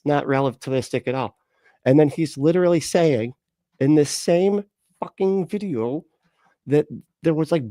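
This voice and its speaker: A man's voice: on the high side, dark tone, dry recording. A man hosting a livestream, reacting to a clip in a sarcastic, profane, exasperated ramble full of fillers. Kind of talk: casual reaction commentary.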